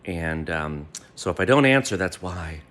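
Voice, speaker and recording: A man's voice: low voice, lively intonation, measured pace, fairly bright tone, pitched below the performer's own voice. A man putting on a mocking, singsong voice for a woman who keeps making excuses. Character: whiny woman making flimsy excuses, mocked.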